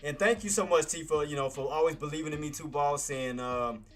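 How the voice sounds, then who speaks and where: A man's voice: on the high side, fairly quick. A man hosting a live day-trading stream, talking in a casual, slangy way and calling his viewers boss and man. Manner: laid-back, slangy, calls listeners boss and man. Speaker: day-trading livestream host. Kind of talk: casual live market commentary.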